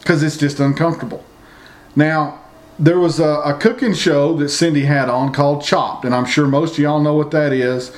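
A man's voice: fairly high pitch, flat delivery, moderate pace. A man ranting indignantly to his viewers, repeating himself and rambling as he goes. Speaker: vlogger. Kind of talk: opinion rant to viewers.

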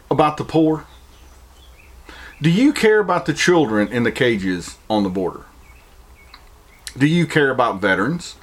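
Animated Southern man asking rhetorical questions. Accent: Southern American. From American South. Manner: preachy, rhetorical questions, mocking high-pitched imitations. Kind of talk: opinion monologue.

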